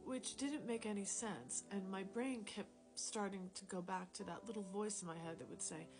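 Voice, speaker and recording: A woman telling a personal faith story in a casual, rambling, self-deprecating way, dropping into quiet whispers at times, recorded on a phone. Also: medium pitch, moderate pace. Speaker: Christian storyteller sharing a testimony. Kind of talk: casual spoken testimony. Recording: music playing clearly behind the voice.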